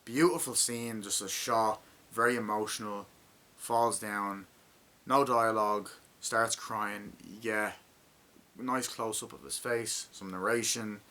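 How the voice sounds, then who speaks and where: A man's voice: on the low side, fairly even intonation, takes it slowly. A man giving a casual, rambling movie review, swearing often and acting out scenes. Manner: acts out scenes with shouted lines.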